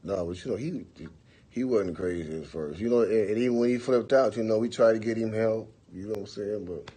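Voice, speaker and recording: A man with a deep, husky voice, spinning loose stories on a phone livestream. He talks in a relaxed, profane drawl and keeps circling back to "for real" and "you know what I'm saying". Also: a little fast. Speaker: livestream host. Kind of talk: casual storytelling to viewers.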